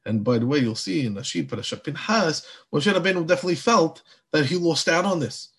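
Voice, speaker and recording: Husky-voiced man teaching Torah. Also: a little high, fast. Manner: animated, acts out biblical dialogue. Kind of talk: Torah class lecture.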